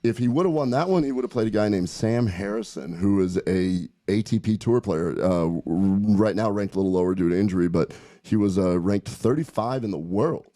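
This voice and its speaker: A man co-hosting a health podcast, chatting casually and telling animated stories with frequent laughter. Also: on the low side, brisk, few pauses. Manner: animated storyteller, laughs often and mimics people. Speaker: podcast co-host. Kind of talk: casual chat.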